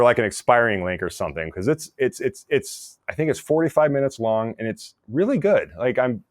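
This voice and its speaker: A man, an actor and former soldier, telling stories in a casual podcast interview, animated and laughing often as he talks. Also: mid-range voice, fairly quick, hardly any pauses, dry recording, clean studio sound. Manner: animated storyteller, laughs often, many restarts.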